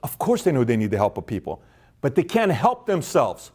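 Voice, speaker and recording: A man's voice: medium pitch, big pitch swings, a little fast, darkish tone, slightly rough. A man giving a motivational business talk, emphatic, acting out quoted inner voices. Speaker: host.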